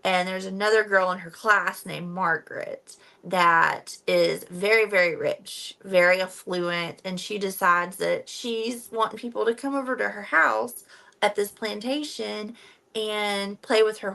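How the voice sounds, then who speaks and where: A woman co-hosting a book club podcast, retelling a novel's opening in a relaxed chat and acting out the characters' lines. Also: mid-range voice, unhurried, vocal fry. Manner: relaxed storyteller, acts out the characters' quotes.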